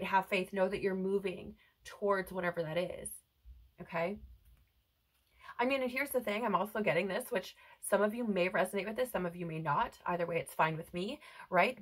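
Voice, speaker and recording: A tarot reader with a mid-range voice gives her viewers a spiritual reading, earnest and reassuring, frequently checking in with "right?". She wears headphones and speaks close to the mic, but the audio is poor.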